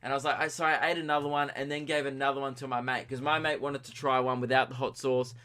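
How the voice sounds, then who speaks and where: A man's voice: medium pitch, flat delivery, quick pace, bright, forceful tone. Australian man rambling through a comic story. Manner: rambling, chuckling, self-mocking. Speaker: podcast host. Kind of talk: comedic storytelling monologue.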